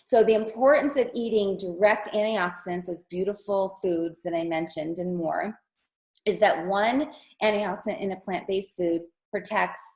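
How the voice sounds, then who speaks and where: A woman's voice: mid-range voice, vocal fry, low-quality recording. A woman giving an enthusiastic, persuasive product presentation over a video call, talking straight to her viewers while losing her voice. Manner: enthusiastic, persuasive, addresses viewers as "you guys". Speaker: wellness presenter.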